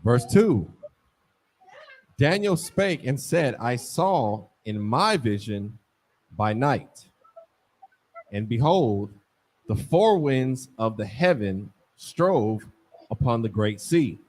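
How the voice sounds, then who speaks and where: A man reading scripture aloud for a class, taking it slowly and carefully. His intonation moves a lot, rising and falling through each verse. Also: medium pitch, sing-song, a little mellow. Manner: slow, measured reading. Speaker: scripture reader.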